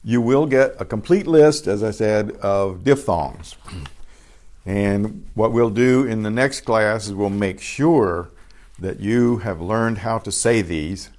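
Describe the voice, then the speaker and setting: Male language teacher with a lowish voice, slow and patient, repeats phrases, clears his throat now and then, on a video call. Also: darkish tone. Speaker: Spanish teacher. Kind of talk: online beginner language lesson.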